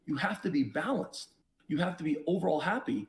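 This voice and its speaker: A man who is a podcast guest, telling his own story in an emphatic, preachy way, with sudden jumps in pitch and loudness. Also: animated, brisk. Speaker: podcast guest, investor and entrepreneur. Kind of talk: reflective storytelling.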